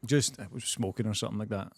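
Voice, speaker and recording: A man's voice: fairly low pitch, fast, breathy edge, no echo, studio quality. A young man, a comedian guest, telling a story in casual podcast chat, laughing, swearing and acting out the people he quotes.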